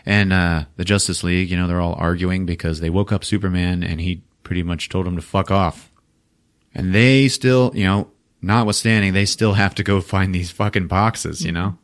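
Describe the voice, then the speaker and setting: A man's voice: sits low, steady tone, moderate pace. A man hosting a podcast, casually retelling a movie plot in a loose, profane way and laughing often. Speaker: podcast host.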